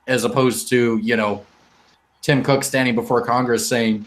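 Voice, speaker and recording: A man's voice: medium pitch, steady tone, moderate pace, a little hiss or hum. A man hosting a casual podcast discussion, arguing heatedly and emphatically. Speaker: podcast host.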